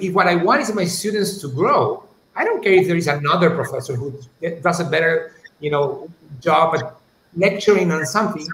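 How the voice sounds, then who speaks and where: A man's voice: on the high side, fairly bright tone. A man, answering questions in a live-streamed interview, talking thoughtfully with many restarts and asides. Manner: thoughtful, many restarts and "you know", "right?". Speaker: university leader, interview guest. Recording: roomy echo, faint ambient noise.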